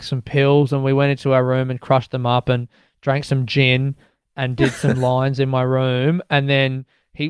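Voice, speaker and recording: Smooth-voiced young comedian, candid and rambling. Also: male voice, mid-range voice, no echo. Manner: candid, rambling, laughs often, swears freely. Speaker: stand-up comedian guest. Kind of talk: casual interview chat.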